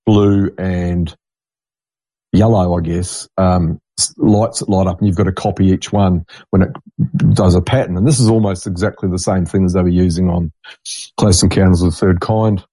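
Rambling, blunt man, mellow voice. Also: deep voice, fairly even intonation, normal speed, breathy edge, no echo. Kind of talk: casual monologue.

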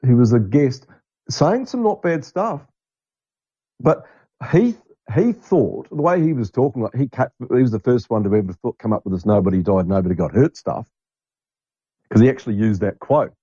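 A man's voice: medium pitch, animated, normal speed, dark tone, slightly rough, no echo. A middle-aged man hosting a podcast, talking in a blunt, rambling monologue and swearing freely. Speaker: podcast host. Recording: dull lo-fi dry recording.

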